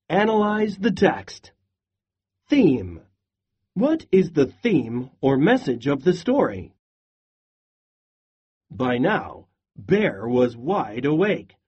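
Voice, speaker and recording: A man reading a storybook aloud and posing reading questions, in a slow, expressive storytelling manner. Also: medium pitch, husky, lo-fi sound. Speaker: storyteller and teacher.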